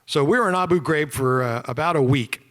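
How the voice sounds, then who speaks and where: A middle-aged man telling his story to an audience, animated and self-deprecating, acting out shouted quotes. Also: a little high, fairly quick. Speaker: former POW giving a talk. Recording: reverberant hall.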